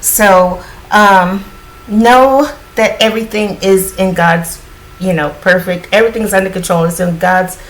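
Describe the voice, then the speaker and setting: A woman giving a casual spiritual card reading in a groggy morning voice, often clearing her throat and rambling reassuringly with lots of fillers. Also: medium pitch, fairly even intonation, a little slow, rough recording. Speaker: tarot card reader.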